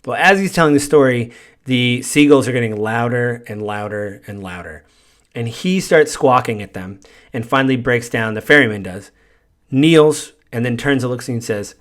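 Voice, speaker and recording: A man's voice: mid-range voice, normal speed, a bit bright. Man recapping a game, rambling. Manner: rambling, lots of fillers and paraphrased quotes. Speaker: podcast host. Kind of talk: casual spoiler recap.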